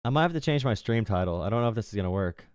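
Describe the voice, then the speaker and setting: A man's voice: on the low side, expressive, racing, a little mellow, clear, resonant tone, dry recording, clean studio sound. A young man hosting a political livestream, talking casually with a sarcastic, mocking tone and frequent laughs. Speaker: political streamer and call-in show host.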